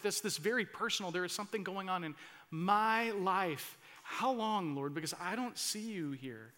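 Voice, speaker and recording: A man's voice: high-pitched, animated, normal speed, pushed and bright. A man preaching a sermon as pastor, earnest and rising to impassioned emphasis, with frequent restarts.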